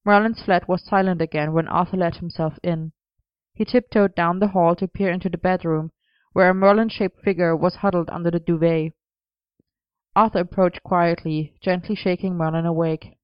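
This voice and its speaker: Woman narrator, lowish smooth voice, dry, slightly muffled recording. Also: fairly even intonation, normal speed, dry recording. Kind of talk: audiobook story narration.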